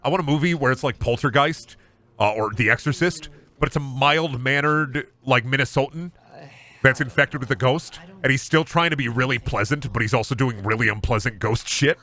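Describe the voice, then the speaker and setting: A man's voice: mid-range voice, fairly quick. A man streaming a video game late at night, chatting and joking casually. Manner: joking, animated. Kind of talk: casual live game commentary.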